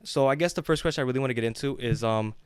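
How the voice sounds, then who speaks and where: A male podcast host with a medium-pitched voice races along in a casual interview, asking questions hesitantly and using many fillers.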